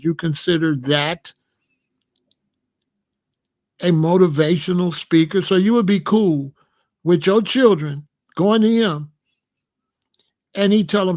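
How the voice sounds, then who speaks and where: A commentary host with a high, darkish voice speaks slowly, leaving long pauses. Reacting to material, he argues through a pile-up of rhetorical questions.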